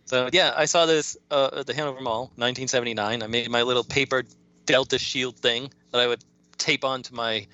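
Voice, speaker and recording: A man's voice: mid-range voice, steady tone, a little fast, sharp tone, no room sound, dull audio. A man in his fifties, co-hosting a podcast, telling childhood stories in casual chat and laughing often. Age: 50s. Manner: chatty storyteller, laughs often. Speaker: podcast co-host.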